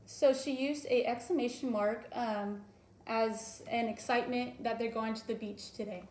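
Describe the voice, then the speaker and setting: A young woman teacher talks through a recorded lesson for young children, patient and explanatory, with frequent ums. Her voice is a little high, and the recording has a roomy echo. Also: normal speed, darkish tone.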